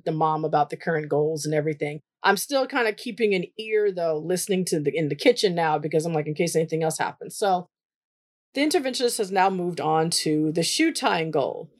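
A woman therapist telling a story from her work in a casual, animated way, leaping up in pitch when she quotes herself. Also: brisk. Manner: chatty, animated, jumps high when quoting herself. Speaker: therapist for autistic children.

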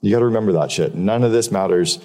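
A man's voice: on the low side, fast talker, darkish tone. A man giving a candid, profane business keynote to a live audience, telling stories and repeating points for emphasis. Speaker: keynote speaker. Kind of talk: live business talk with storytelling. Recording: long hall reverb.

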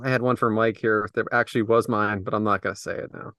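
A man's voice: fairly low pitch, steady tone, quick pace, bright, forceful tone, no room sound, clean studio sound. A man co-hosting a casual podcast, joking and arguing about movies. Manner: joking, argumentative. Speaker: podcast co-host. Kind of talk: casual chat.

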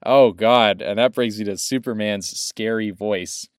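A man's voice: lowish voice, a little slow, smooth, no room sound, clean studio sound. A young man co-hosting a podcast, chatting casually and laughing often as he rambles through a movie rant. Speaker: podcast co-host. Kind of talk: casual chat.

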